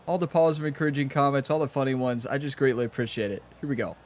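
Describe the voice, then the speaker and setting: A man's voice: medium pitch, racing, a little hiss or hum. A young man hosting his gaming channel, chatting casually to viewers and laughing at himself while he plays. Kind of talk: casual gameplay commentary.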